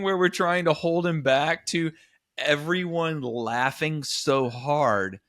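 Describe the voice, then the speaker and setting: A man in his forties co-hosting a comedy podcast, telling stories in an animated way. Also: on the high side, slow pace, no room sound, clean studio sound. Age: 40s. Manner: animated storyteller, jumps into voices. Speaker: podcast co-host. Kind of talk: casual comedy chat.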